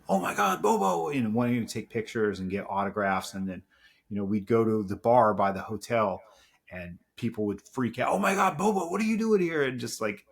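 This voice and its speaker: A middle-aged man with a husky, low voice tells his stories in an easy, casual way. He sounds reflective and heartfelt, and fillers pepper his speech. He comes across as a podcast guest recalling things he has seen. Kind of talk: casual storytelling chat.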